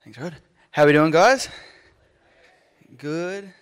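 A man's voice: a little high, slow, smooth. A man preaching a casual, joking sermon to a church congregation. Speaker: pastor. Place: church hall. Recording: church hall with long reverb.

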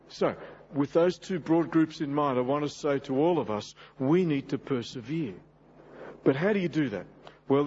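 Husky middle-aged male preacher, dull recording. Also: fairly high pitch, darkish tone. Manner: earnest, direct address to congregation. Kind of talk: sermon.

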